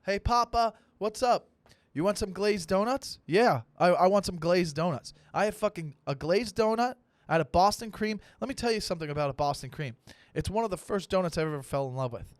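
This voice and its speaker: A man's voice: on the high side, no echo. Ranting comic man in his thirties. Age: 30s. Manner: animated, profane ranting with mock-serious pep talks. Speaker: comedian podcast host. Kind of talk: comic solo monologue.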